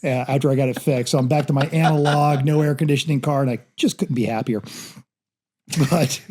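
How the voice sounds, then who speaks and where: Mellow-voiced man ranting on a podcast. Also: medium pitch, a little fast. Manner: blunt and opinionated, ranting. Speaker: podcast co-host. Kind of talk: casual chat.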